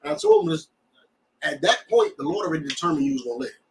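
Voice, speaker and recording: A man teaching a scripture class in an animated way, often checking that his students understand. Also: high-pitched, fast talker, vocal fry, recorded from a distance, noisy background.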